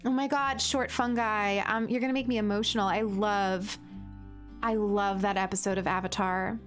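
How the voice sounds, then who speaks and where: A woman's voice: mid-range voice, steady tone, normal speed, faint music behind. A woman streamer chatting casually and gushing while she plays, with lots of "like" fillers. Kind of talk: casual live-stream chat while playing.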